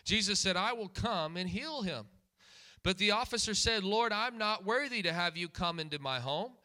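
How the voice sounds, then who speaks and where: A man preaching a sermon in a high, bright, forward voice. He drives his points home by repeating key lines and firing questions at the congregation. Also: animated, moderate pace.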